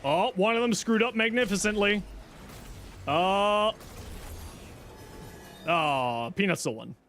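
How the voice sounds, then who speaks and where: A man streaming a video game live, chatting casually and reacting out loud, exclaiming and talking to himself as he plays. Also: high-pitched, takes it slowly, slight background noise. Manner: animated, exclaiming and talking to himself while playing. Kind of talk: casual live gameplay commentary.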